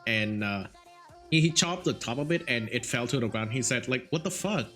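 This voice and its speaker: A man's voice: mid-range voice, lively intonation, moderate pace, a bit bright. A young man speaking English as a second language with a Vietnamese accent, streaming and telling a rambling story full of fillers and restarts. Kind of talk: casual chat. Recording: faint music behind.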